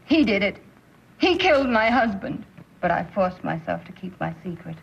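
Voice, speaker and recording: An actress playing a troubled, determined widow speaking with tense, bitter earnestness in a 1930s radio drama. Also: female voice, medium pitch, sing-song, normal speed, gravelly, a little hiss or hum. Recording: muffled 1930s radio recording.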